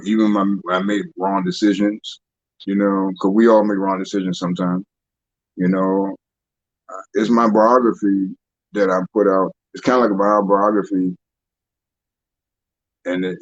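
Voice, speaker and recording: A man's voice: fairly low pitch, no echo, dull audio. A man who is a guest, a dancer and author, talking loosely in an interview, repeating words as he retells his stories. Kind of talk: casual interview talk.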